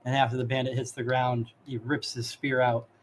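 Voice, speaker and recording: A man's voice: mid-range voice, level tone, moderate pace, slight background noise. Rambling male dungeon master. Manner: rambling, laughing asides. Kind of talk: narrating a tabletop game.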